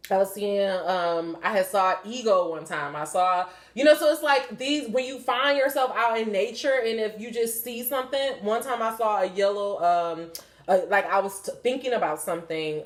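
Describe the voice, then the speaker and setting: Speaking at normal speed in a medium pitch, a young woman talks frankly on her podcast about spiritual signs. Her delivery is rambling and profane, heavy on fillers, captured in an echoey room.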